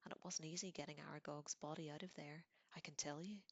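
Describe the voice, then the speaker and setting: A woman reading in a whispered role-play, voicing a grieving giant groundskeeper with a halting, choked, way of speaking. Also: low-pitched, fairly even intonation, no echo. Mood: tearful. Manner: halting, choked, tearful speech.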